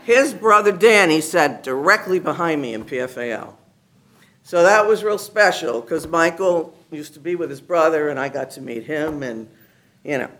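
Man with a high, bright voice; lively testimony speaker who plays out dialogue and laughs often. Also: normal speed. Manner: animated storyteller, acts out other people's lines; laughs often while talking. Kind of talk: personal testimony told to a live group. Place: meeting room with a gathered group.

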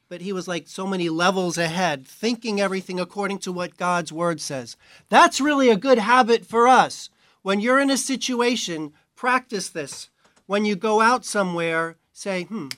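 Chatty man preaching with a higher voice. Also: a bit bright, no echo. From New York. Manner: chatty, self-mocking asides. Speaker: Bible teacher. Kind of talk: conversational sermon.

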